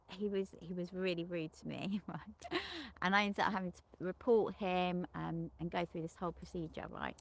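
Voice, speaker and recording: Speaking at normal speed with vocal fry, this middle-aged woman has a fairly low, fairly evenly intoned voice. A sex therapist, she frankly describes a client session without embarrassment about explicit details, rambling with many restarts and self-corrections.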